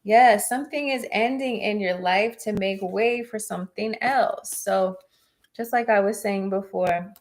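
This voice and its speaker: A woman's voice: mid-range voice, measured pace. A woman giving live-stream tarot readings, chatting with viewers in an encouraging way. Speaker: tarot reader.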